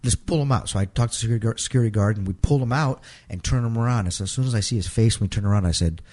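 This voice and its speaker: Man, low voice, dark mellow tone, halting, repeats himself, acts out quotes, emotional personal story. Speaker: interview guest.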